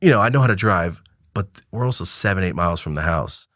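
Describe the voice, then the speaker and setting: A man in his thirties from Oregon, telling a profane, animated story as a podcast guest. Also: low voice, quick pace, dry recording, studio quality. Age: 30s. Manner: animated, profane, breaks into loud excited outbursts.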